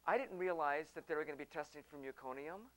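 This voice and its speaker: A middle-aged man hosting a talk, telling a personal story in an animated way and acting out the people he quotes. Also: fairly high pitch, quick pace, low-quality recording.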